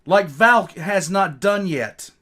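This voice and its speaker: A man's voice: sits high, lively intonation, slow pace, pushed and bright. A man hosting a reaction stream, chatting casually and mocking himself with lots of filler words. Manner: rambling, self-mocking, many ums. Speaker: reaction channel host. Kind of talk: casual chat. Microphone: streaming mic.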